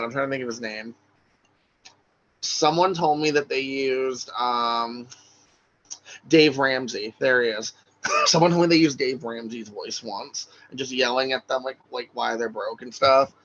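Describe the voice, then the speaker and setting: A man's voice: medium pitch, a bit bright, muffled recording. A man teaching a recorded online class for social work exam prep, talking casually with lots of "right?" and "like".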